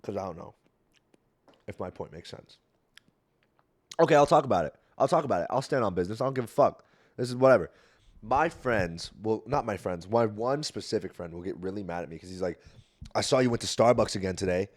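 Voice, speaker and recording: A man's voice: fairly low pitch, lively intonation, fairly quick, long pauses. Young man ranting on a podcast. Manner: profane, rambling, ranting, swings from mumbling to loud outbursts. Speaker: podcast host. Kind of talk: casual solo podcast rant.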